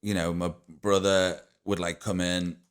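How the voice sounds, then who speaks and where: Low-voiced man rambling in casual chat. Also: level tone, measured pace, smooth. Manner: rambling, swears a lot, many fillers. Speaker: podcast host.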